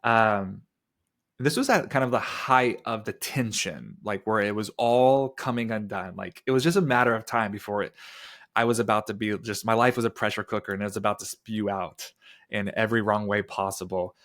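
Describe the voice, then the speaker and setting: A man in his thirties, a podcast guest, telling a personal story in an earnest, animated way with casual fillers. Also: on the low side, moderate pace.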